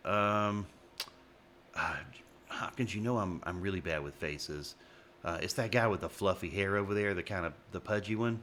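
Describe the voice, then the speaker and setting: A man's voice: fairly low pitch, moderate pace, a bit bright, slight background noise. A man telling playful stories about his job, laughing through them and acting out the other people. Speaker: restaurant worker. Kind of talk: casual chat.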